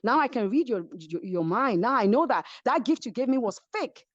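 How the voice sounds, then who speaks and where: Donna nigeriana vivace, voce alta e mossa. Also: female voice, a little high, lively intonation, normal speed, no echo, highs cut off. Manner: acts out other people's voices while retelling. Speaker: reality show cast member, guest. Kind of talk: animated storytelling interview. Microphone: video call.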